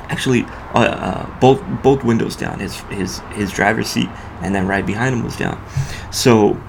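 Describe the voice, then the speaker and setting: A man's voice: medium pitch, vocal fry, a little hiss or hum. A male podcast host casually telling a profane road-rage story in loose street slang.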